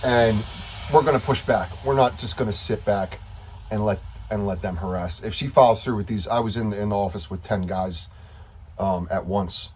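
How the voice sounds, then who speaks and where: Brief: low-pitched man, union steward type, vents at length in a casual self-recorded update, faint noise behind. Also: normal speed, darkish tone. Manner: frustrated, rambling, repeats himself. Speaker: union steward addressing coworkers.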